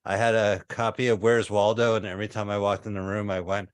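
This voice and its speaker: Deadpan man in his fifties doing stand-up. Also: lowish voice, fast, few pauses, clear, resonant tone, no room sound, clean studio sound. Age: 50s. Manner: deadpan absurd one-liners. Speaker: stand-up comedian. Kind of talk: stand-up set. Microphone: video call.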